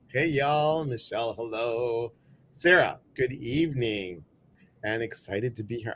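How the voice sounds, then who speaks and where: A middle-aged man hosting a live stream, greeting viewers by name in a playful, jokey way, often jumping his voice up high. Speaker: host of a live show.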